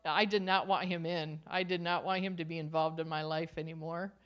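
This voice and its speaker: A woman's voice: lowish voice, fairly even intonation, fairly quick, hardly any pauses. A middle-aged woman sharing her faith testimony, earnest and personal. She tells it like a story and often laughs lightly between thoughts.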